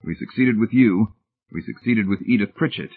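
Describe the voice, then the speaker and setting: A man voicing a decisive, commanding leader who speaks forcefully. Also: fairly low pitch, normal speed, pitched above the performer's own voice. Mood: assertive. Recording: tinny phone-like sound.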